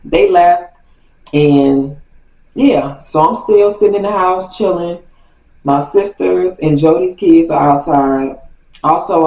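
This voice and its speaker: A woman telling a story from her childhood to her viewers in a chatty, animated way. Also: sits low. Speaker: vlogger. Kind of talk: casual storytime. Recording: roomy, distant from mic.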